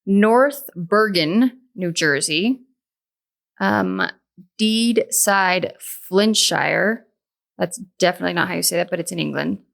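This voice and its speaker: A woman's voice: lowish voice, animated, takes it slowly, creaky. A woman co-hosting a podcast, chatting playfully and reading from her notes. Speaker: podcast co-host. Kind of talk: casual chat.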